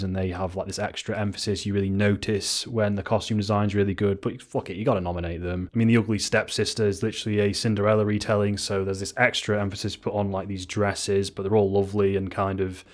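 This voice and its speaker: A young man giving casual, unscripted film commentary, rambling and swearing, mocking himself and breaking into sudden high-pitched exclamations. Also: flat delivery, fast talker, hardly any pauses, a little mellow.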